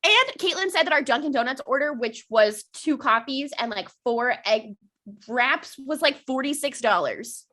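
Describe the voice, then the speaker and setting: A woman's voice: high voice, expressive, moderate pace, sharp tone. A young woman co-hosting a podcast in casual chat, talkative, cursing often and laughing a lot. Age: young adult. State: hiccups. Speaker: podcast co-host.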